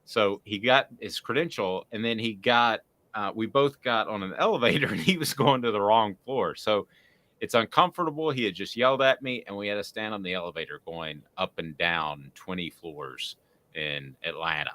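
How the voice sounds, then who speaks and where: A man's voice: fairly low pitch, moderate pace. A man co-hosting a sports radio show, telling long rambling stories with lots of fillers. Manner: rambling, animated storyteller with filler words. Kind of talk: casual radio chat, storytelling.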